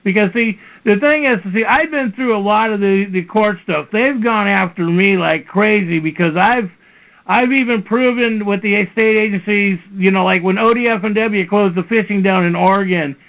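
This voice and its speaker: High-voiced man hosting talk radio. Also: moderate pace. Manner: rambling storyteller. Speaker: host. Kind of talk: casual talk-radio chat. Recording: dull lo-fi stream audio.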